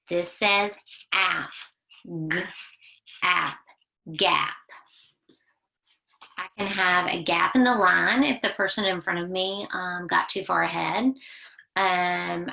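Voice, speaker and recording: A woman leading young children through a phonics lesson, sounding each vowel out slowly and having them repeat it back. Her voice sits fairly low, with a bright edge and a gravelly texture. She gently praises every attempt. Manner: slow call-and-response drilling, sounding out words. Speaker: children's librarian teaching phonics.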